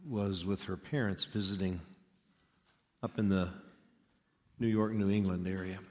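A man's voice: sits low, fairly even intonation, measured pace, darkish tone. A man with a Texan accent giving a conversational sermon in a folksy, storytelling manner. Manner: folksy, storytelling, with many asides. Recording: long hall reverb.

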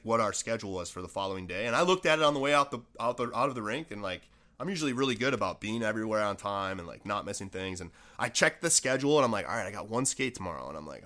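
Man, ex-player turned coach, quick chatty podcast storyteller with a bright, forceful voice. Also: mid-range voice. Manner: rambling, animated, many "like" fillers. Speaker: former pro hockey player, now coach.

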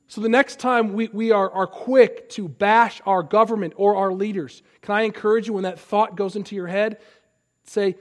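A man in his thirties preaches with a high, ringing voice. He climbs to loud, impassioned declarations and then drops back to a soft, conversational tone for the asides. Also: fairly even intonation, normal speed. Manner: impassioned preaching, swells loud on key lines. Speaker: pastor. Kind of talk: sermon.

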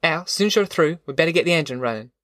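A man voicing a weary, determined migrant farm mother who gives brisk orders. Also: on the high side, lively intonation, a bit bright, dry recording, clean studio sound, voice pushed up. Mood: brisk, commanding. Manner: brisk, commanding.

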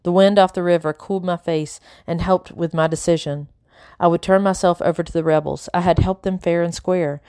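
Low-voiced woman reading a novel. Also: steady tone, a little fast, warm tone, smooth, no room sound, clean studio sound. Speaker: audiobook narrator. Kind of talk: first-person novel reading.

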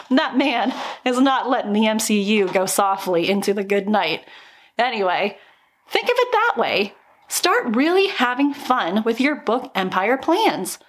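A woman in her thirties hosting a solo podcast, talking upbeat and encouraging with little laughs between thoughts. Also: a little high. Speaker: podcast host. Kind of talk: motivational solo podcast talk.

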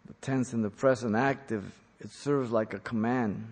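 A male preacher teaching from scripture, swinging between loud, emphatic stresses and low, quiet asides. His voice is slightly husky at a middle pitch. It carries a long hall reverb, as if recorded in a large church. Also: fairly even intonation, moderate pace.

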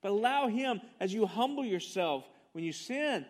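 Preaching at a moderate pace, this pastor has a high, light, expressive voice. His sermon is fervent and emphatic, with each point stressed, and he directs rhetorical questions at the congregation.

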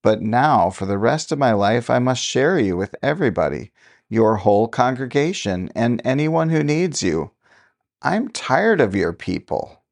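A man's voice: mid-range voice, sing-song, a little slow, creaky. A man voicing a young newlywed woman, a pastor's wife, speaking in a raised, pleading tone. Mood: plaintive.

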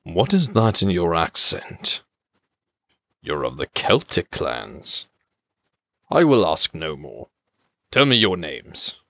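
An actor playing a stern, menacing knight captain who interrogates with cold command in an audio drama. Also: male voice, deep voice, huge pitch swings, slow pace, creaky, long pauses, sharp tone, no echo, full character voice. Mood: suspicious. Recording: dull lo-fi recording.

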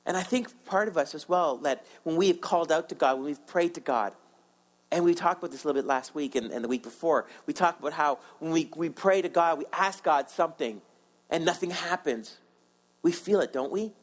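A man's voice: on the high side, fairly quick, low-quality recording. A man preaching a sermon in an earnest way, often repeating words and acting out prayers as quotes. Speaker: pastor.

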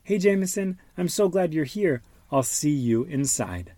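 A man's voice: fairly high pitch, lively intonation, a little slow, dark tone, no echo, pitched above the performer's own voice. A man voicing a sweet, cheerful young woman with a friendly greeting.

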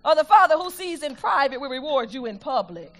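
A woman preaching a sermon, lively and emphatic, reading scripture slowly aloud with the congregation. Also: high-pitched.

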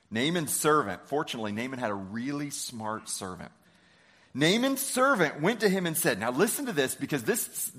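A man's voice: a little high, a bit bright, husky. A man preaching a sermon in a conversational way, acting out biblical characters with everyday lines and often repeating words as he restarts. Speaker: pastor.

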